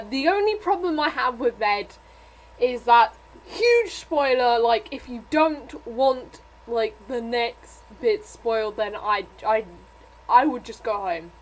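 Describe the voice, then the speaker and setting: A woman's voice: fairly high pitch, a little hiss or hum, poor audio. A young woman reviewing a book in a casual vlog, rambling with many fillers and getting emotional. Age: young adult.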